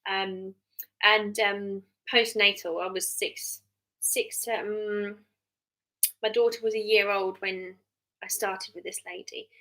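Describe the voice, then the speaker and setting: English mum on a live stream, thirties, bright tone, rambling and chatty with lots of ums. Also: female voice, mid-range voice, level tone, takes it slowly, low-quality recording. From England. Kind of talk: casual live-stream chat. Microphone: webcam or phone mic on a live stream.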